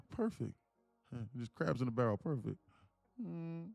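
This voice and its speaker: Gravelly, dry-voiced man ranting on a livestream. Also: fairly high pitch, animated, moderate pace, darkish tone, no room sound, soft background music. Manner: emphatic, preachy, repeats himself. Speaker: day-trading livestream host. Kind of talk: live-streamed ranting sales pitch.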